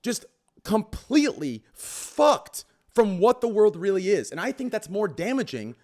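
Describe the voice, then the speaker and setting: A man's voice: high voice, very animated, measured pace, darkish tone. A man hosting a podcast, arguing his point in a heated, emphatic debate with frequent swearing. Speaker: podcast host.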